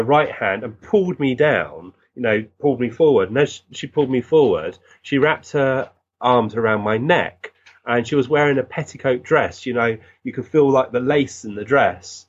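Male guest, earnest animated storyteller, mid pitch, lo-fi dull audio. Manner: earnest, animated, recounting with many restarts. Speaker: guest, physical medium. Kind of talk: storytelling in conversation.

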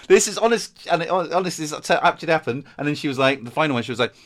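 A man's voice: on the high side, racing, fairly bright tone. A man, a voice actor, telling rambling anecdotes in a casual chat and laughing often. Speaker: podcast co-host, voice actor.

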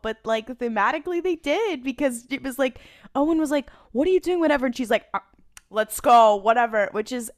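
A woman chatting casually as a podcast co-host, excitable and slangy, acting out characters in quick asides. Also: fairly high pitch, no echo, clean studio sound. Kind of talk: casual chat.

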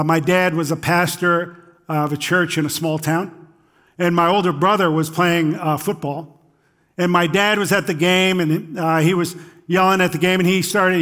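High-voiced man preaching a sermon. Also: a bit bright. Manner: conversational, frequently checks in with "right?". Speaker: pastor.

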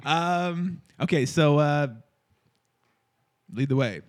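A man's voice: a little high, slow pace, dry recording, studio quality. A man running a tabletop role-playing game, narrating and chatting in a loose, amused way full of fillers. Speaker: game master.

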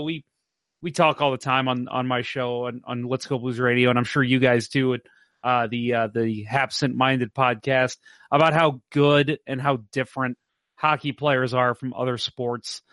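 A young adult man hosting a casual sports podcast, telling anecdotes in an animated way. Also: mid-range voice, dry recording, clean studio sound. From St. Louis, USA. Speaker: podcast host.

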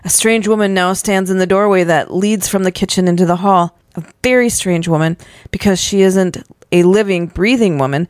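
A woman's voice: steady tone, normal speed, dry recording. A woman hosting a podcast, reading a spooky choose-your-own story aloud with playful dramatic emphasis. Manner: reads with playful dramatic emphasis, pitching up for the child's lines. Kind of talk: animated story reading with voiced characters.

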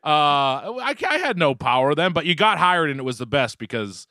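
A man's voice: fairly high pitch, sing-song, moderate pace, sharp tone, dry recording, studio quality. A man co-hosting a podcast over a video call, joking and rambling in casual chat, swearing freely. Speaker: podcast co-host.

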